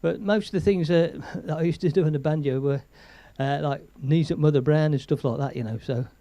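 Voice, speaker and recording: A man's voice: a little high, brisk, mellow, no echo. A man hosting a casual live stream, chatting, laughing and reading out viewer comments. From England. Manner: chatty, rambling, laughs often, reads viewer comments aloud.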